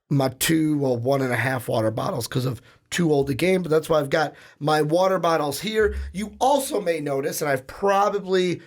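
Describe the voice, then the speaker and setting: A man with a hoarse, raspy voice from shouting, hosting a casual sports podcast and rambling through plugs and asides. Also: a little high. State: hoarse, lost voice. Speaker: podcast host.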